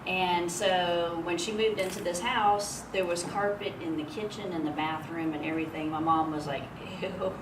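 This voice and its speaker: A woman's voice: fairly low pitch, steady tone, moderate pace, few pauses. A woman speaking at a memorial, telling stories in a chatty way and laughing often. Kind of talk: personal eulogy story. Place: memorial gathering hall. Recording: echoey room, distant mic, noisy.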